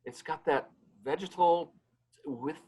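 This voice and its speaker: A man guesting on a podcast as a pizzeria owner, chatting casually and telling animated stories. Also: on the high side, slow, low-quality recording. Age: adult, married. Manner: animated storyteller, acts out what others said. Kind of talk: casual interview chat.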